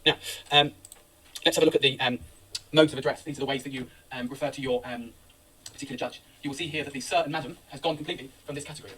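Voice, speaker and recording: A middle-aged man giving a brisk, anecdotal law lecture to students, recorded from a distance. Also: medium pitch, steady tone, sharp tone, breathy edge. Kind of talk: classroom lecture.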